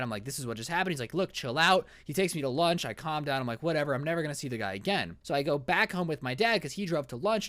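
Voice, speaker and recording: Fast-talking young man telling a story. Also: fairly high pitch, no room sound. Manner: animated, joking, dramatic. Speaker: vlogger. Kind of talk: storytime narration.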